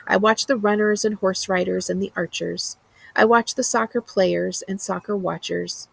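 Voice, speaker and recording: A woman's voice: medium pitch, steady tone, normal speed, vocal fry, slightly rough, no room sound, poor audio. A woman librarian reading a book's opening aloud, then recommending it earnestly with a few fillers. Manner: earnest, enthusiastic book talk with some fillers. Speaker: school librarian.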